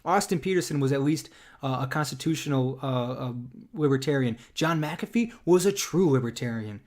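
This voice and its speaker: A man's voice: medium pitch, expressive, normal speed, darkish tone. A man co-hosting a casual political podcast, rambling with many restarts and frequent laughter. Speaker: podcast co-host.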